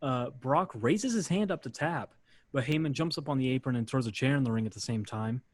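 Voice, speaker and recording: A man's voice: mid-range voice, a little fast, no echo. A man hosting a podcast, casually narrating a match play by play with lots of "uh" fillers. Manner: relaxed, filler-heavy narration. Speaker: podcast host.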